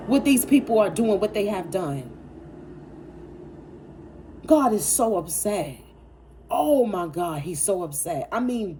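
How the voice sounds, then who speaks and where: A tarot reader, a woman with a medium-pitched, warm voice, gives a casual spiritual reading with emphatic, preachy force. She's blunt and profane, repeating phrases for effect, and there's a little hiss or hum.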